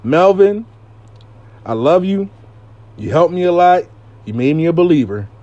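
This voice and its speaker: A woman's voice: on the low side, big pitch swings, measured pace, mellow, highs cut off, voice pushed up. A man voicing a woman client who is blunt and vengeful, insisting on payback and swearing freely, as a quote in a storytime. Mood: insistent. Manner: insistent, profane, repeats his name.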